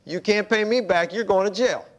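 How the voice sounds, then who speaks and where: A man's voice: high-pitched, moderate pace, close to an everyday voice. A man voicing a harsh male lender in a parable, curt and demanding.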